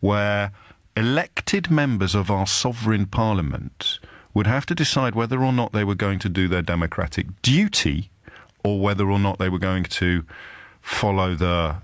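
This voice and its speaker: Male talk radio host, deep voice, slight Kidderminster accent, sardonic, measured, dry booth sound. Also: no echo. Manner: emphatic, sardonic, deliberate pauses. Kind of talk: live radio monologue. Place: radio studio. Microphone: studio microphone.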